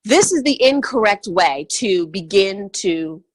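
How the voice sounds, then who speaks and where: Woman coach hammering words over and over, dry close sound, middle pitch. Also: lively intonation, a little slow, no echo. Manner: emphatic, repetitive, chant-like stresses. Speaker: money mindset coach. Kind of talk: motivational teaching call.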